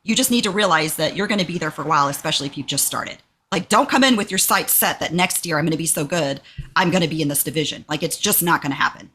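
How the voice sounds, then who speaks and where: A woman's voice: sits low, fast, slightly rough. A woman from Texas co-hosting a podcast, telling a story in casual chat and acting out quoted lines in a raised voice. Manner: animated, acts out quotes in a raised voice. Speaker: podcast co-host.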